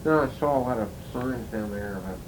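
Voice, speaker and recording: A man's voice: mid-range voice, fairly quick, noisy background. A man in a casual chat, mostly giving brief agreeing replies. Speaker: listener.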